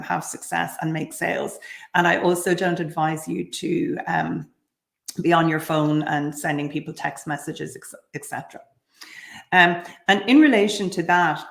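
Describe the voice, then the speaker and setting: A woman's voice: on the low side, gravelly, echoey room. A woman giving direct, practical advice on selling at craft fairs, with frequent ums. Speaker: craft business speaker.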